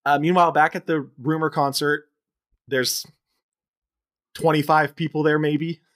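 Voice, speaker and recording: A man's voice: a little high, level tone, measured pace, a bit bright. A man co-hosting a podcast, casually recapping a movie's plot scene by scene and laughing often. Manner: retells scenes with bits of quoted dialogue, laughing often. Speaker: podcast co-host.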